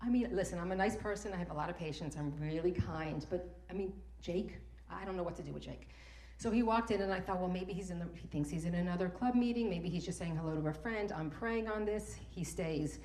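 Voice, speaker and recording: A middle-aged woman tells a personal story on stage, heartfelt and at times close to tears. Her voice is mellow and warm, and it is picked up in a roomy, echoing space. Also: fairly low pitch, a little fast. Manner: heartfelt, emotional, repeats words when moved. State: tearful at times. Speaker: speaker at a morning talk event. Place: event room. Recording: echoey room.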